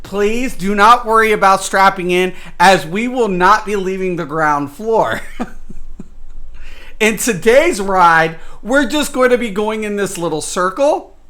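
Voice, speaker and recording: A man putting on a mock-polite theme-park ride announcer, speaking slowly as if welcoming riders. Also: high-pitched, bright, forceful tone, exaggerated voice.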